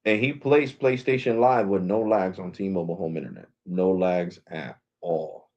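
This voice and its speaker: Man, low voice, slangy, repeats himself, casual home vlog, dull lo-fi audio. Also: normal speed. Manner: loose, slangy and repetitive. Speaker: tech vlogger. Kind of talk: casual talk to camera. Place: his home.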